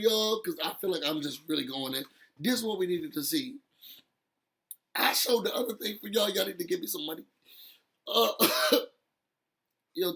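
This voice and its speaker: A man talks to his viewers in a loose, heartfelt recap of a reality show episode. His voice sits high and bright, and he keeps laughing and pressing his points with feeling. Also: vocal fry. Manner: animated, laughing often, talking straight to viewers. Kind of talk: emotional casual recap chat.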